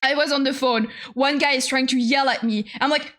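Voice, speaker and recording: Young adult woman, high voice, bright tone, casual rant, profane, exasperated. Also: fairly even intonation, fairly quick. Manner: profane, exasperated, laughs often. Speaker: streamer.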